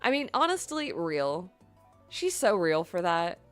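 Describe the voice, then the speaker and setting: A woman game streamer chatting casually on a live stream, animated, laughing often and using playful slang. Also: lowish voice, measured pace, soft background music.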